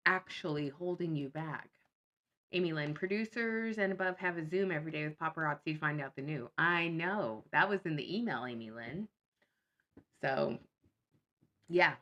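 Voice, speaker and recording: A woman's voice: on the high side, pushed and bright. A woman vlogger in casual chat, blunt and sarcastic.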